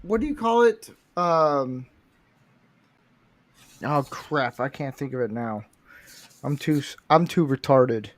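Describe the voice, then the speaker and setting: A man's voice: medium pitch, lively intonation, slow, long pauses. A foul-mouthed man hosting a livestream, rambling in casual crude chat while he builds a Lego set. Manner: foul-mouthed, rambling, self-described redneck. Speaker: livestream host.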